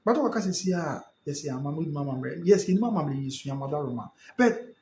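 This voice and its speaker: A man's voice: fairly high pitch, animated, quick pace, darkish tone, reverberant, slight background noise. A Ghanaian man hosting a live stream, reading out viewer comments and reacting, switching between English and Twi. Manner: mixes English with Twi, reacts and repeats phrases.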